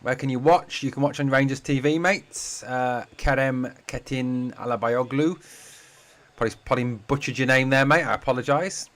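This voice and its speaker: A man's voice: medium pitch, fast, hardly any pauses, a bit bright. A man hosts a live fan watch-along, calling the play as it happens. His talk is loose and chatty, full of swearing and replies to comments from viewers. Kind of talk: casual live-stream match commentary.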